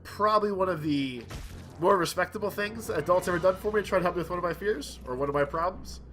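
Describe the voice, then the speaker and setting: A man's voice: high-pitched, fast, faint music behind. A young man hosting a let's play, telling a rambling childhood story in a casual way while playing. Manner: rambling, animated anecdote with quoted voices. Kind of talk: casual storytelling over gameplay.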